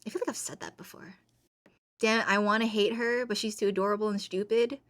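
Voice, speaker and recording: A woman's voice: medium pitch, fairly even intonation, a little fast. A woman streamer talks casually with her chat, rambling and playful. She giggles often and moves loosely from one thought to the next.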